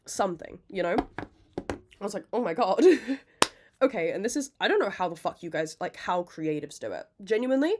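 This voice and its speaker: Young girl podcasting, rambly and animated, swears a lot, laughs at herself. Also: on the low side, background noise. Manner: self-mocking, quick to laugh. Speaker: podcast host. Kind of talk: casual chat.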